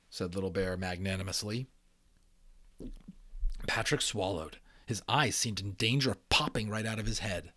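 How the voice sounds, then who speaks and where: A man giving a dramatic reading of a children's novel, expressive and adding casual asides. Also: on the low side, normal speed, long pauses, no room sound. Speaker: audiobook reader.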